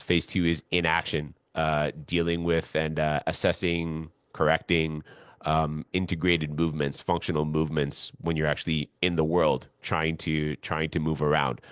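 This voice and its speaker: A man's voice: low voice, clear, resonant tone, no room sound, studio quality. A man hosting a podcast as a fitness coach, explaining things at length with many small restarts. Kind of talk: casual podcast conversation.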